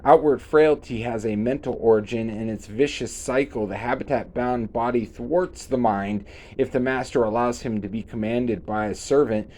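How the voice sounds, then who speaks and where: A man voicing a powerful older monk who is calm, jovial and given to lecturing, in a read-aloud story. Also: mid-range voice, moderate pace, lightly acted. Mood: didactic.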